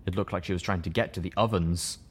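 A man narrating an audiobook in the first person, with a steady, measured reading. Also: low voice, slightly rough.

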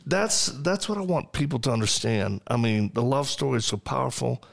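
A gravelly-voiced man hosts a relaxed faith podcast. He keeps his guests talking with quick words of encouragement and affirmation. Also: medium pitch. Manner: encouraging, frequent short affirmations. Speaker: host. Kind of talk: casual podcast conversation.

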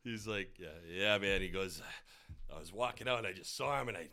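A man's voice: low-pitched, fairly quick, sharp tone. A man with a New England accent, a restaurant owner telling rowdy stories on a podcast, swearing freely and acting out the quotes. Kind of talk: casual podcast storytelling.

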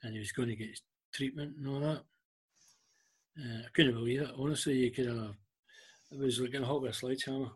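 A Scottish man with a husky, slightly breathy voice speaks at an ordinary middle pitch. He tells personal stories in an unhurried way, often stopping on ums and starting sentences over. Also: fairly even intonation. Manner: halting, with frequent ums and restarts. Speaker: interview guest. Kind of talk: emotional storytelling interview.

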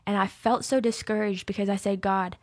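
A woman's voice: mid-range voice, fairly even intonation, a little fast. Chatty woman telling her testimony. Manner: chatty, many "like" fillers, acts out her own past thoughts. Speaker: guest sharing testimony. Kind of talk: casual personal testimony.

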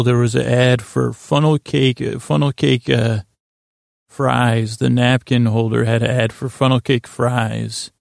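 A man hosting a sleep podcast, recapping a story in a rambling, halting way with many fillers. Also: medium pitch, vocal fry, a little mellow, no echo, clean studio sound. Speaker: podcast host.

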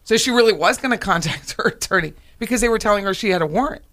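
A woman hosting a casual chat, telling stories in a lively way and acting out phone calls. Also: mid-range voice, fast. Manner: animated storyteller, acts out calls. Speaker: host, realtor.

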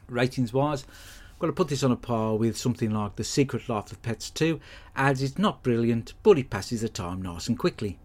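A man's voice: mid-range voice, a little mellow. A middle-aged man, giving a blunt, sweary comic monologue as podcast host. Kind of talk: comic monologue with film recap.

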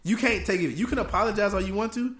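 A man's voice: high voice, quick pace, a bit bright. A man in casual chat as a podcast co-host, emphatic and repeating his points for stress.

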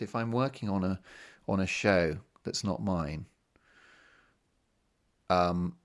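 A man hosts his own podcast in a loose, conversational monologue, often turning to the listener with rhetorical questions. His voice sits very low, with a gravelly, fry-tinged edge. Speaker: podcast host.

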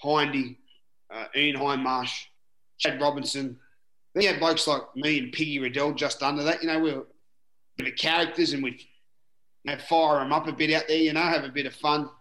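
A middle-aged Australian man with a fairly high, bright, forceful voice spins loose, rambling yarns as a guest. He leans on "you know" and drops the occasional swear. The sound bounces around a roomy, echoing space. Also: fairly even intonation, fairly quick. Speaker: former rugby league player, guest. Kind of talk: casual interview storytelling.

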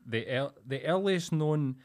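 A Scottish man co-hosting a podcast in casual chat, blunt and quick with short reactions. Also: on the high side, animated, darkish tone. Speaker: podcast co-host.

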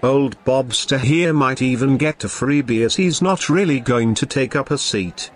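A man putting on a pompous wizardly Englishman. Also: lightly acted. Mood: reasoning. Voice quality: deep, slow, melodious old-fashioned diction.

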